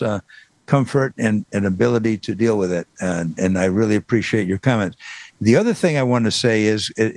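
A man's voice: medium pitch, dry recording. Emphatic man hosting talk radio. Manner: emphatic, repeats points for stress. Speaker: radio talk show host.

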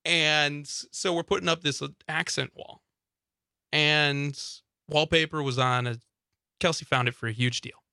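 Chatty radio co-host guy, bright slightly high voice, dry studio sound. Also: steady tone, unhurried, clean tone, dry recording. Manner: chatty storyteller, laughs often, acts out his own thoughts. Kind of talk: casual radio chat.

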